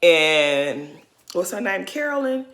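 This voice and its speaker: Animated woman with a bright, forceful voice. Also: on the low side, slow pace. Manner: animated, emphatic, laughs often. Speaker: reality show recapper. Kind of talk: casual commentary.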